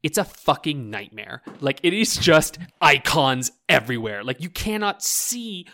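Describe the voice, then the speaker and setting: Man, bright voice, casual rambling chat, lots of "like", swears a lot. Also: a little high, big pitch swings, measured pace. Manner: rambling, fills with "like", swears freely, laughs often.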